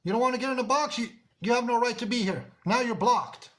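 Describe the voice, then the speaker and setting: A man's voice: very high voice, fast talker, fairly bright tone. A man with a Mexican-American accent hosting a livestream, scolding and calling out viewers in an insistent way, often repeating himself. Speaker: livestream host. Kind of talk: confrontational livestream talk.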